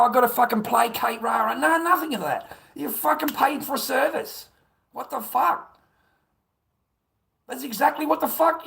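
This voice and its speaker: A man's voice: high-pitched, gravelly, a bit bright. A middle-aged man ranting crudely on a livestream, rambling, swearing and laughing. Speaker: livestream host. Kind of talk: ranting casual livestream chat.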